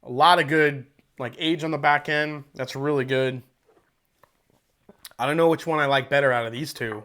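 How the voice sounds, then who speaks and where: A man with a fairly high voice hosts a casual whiskey tasting livestream from home, speaking at a moderate pace with fairly even intonation and a pushed, bright sound. He's loose and chatty, rambling, swearing now and then, and laughing easily into a wireless mic with a battery pack.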